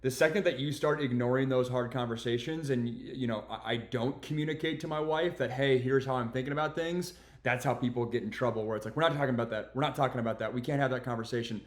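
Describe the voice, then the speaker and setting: A man's voice: medium pitch, fast, few pauses. Reflective man co-hosting, echoey room. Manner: reflective, explains his reasoning, repeats words. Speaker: podcast co-host, host's husband. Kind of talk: casual conversational storytelling.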